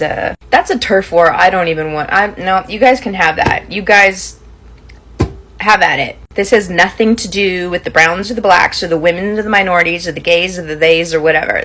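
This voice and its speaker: A woman hosts an offhand commentary, dry and dismissive. Her voice sits a little low and her talk stays casual and unbothered. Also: normal speed, fairly bright tone. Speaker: host.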